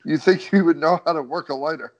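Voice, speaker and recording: A man with a somewhat high voice co-hosts a casual wrestling podcast. He drops crude jokes in a deadpan way between his partner's stories. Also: fast talker. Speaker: podcast co-host. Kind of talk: casual wrestling recap chat.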